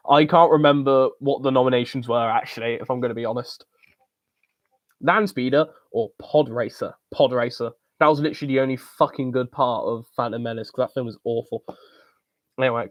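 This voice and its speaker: A man's voice: medium pitch, dry recording, lo-fi sound. A young man from the UK hosting a casual live-stream Q&A, rambling with lots of ums and joking bluntly. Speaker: channel host answering viewer questions.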